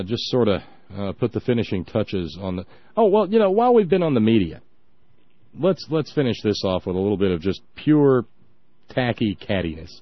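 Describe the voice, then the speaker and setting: A man's voice: fairly low pitch, dry recording, dull audio. A man hosting a talk show in casual chat, wry and rambling, with many fillers and restarts.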